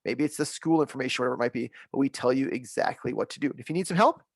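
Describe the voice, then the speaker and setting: A man's voice: mid-range voice, very fast, breathy edge, dry recording. Male webinar trainer, mid-range voice, upbeat and reassuring, dry close mic. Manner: upbeat, reassuring, repeats key points. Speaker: software trainer.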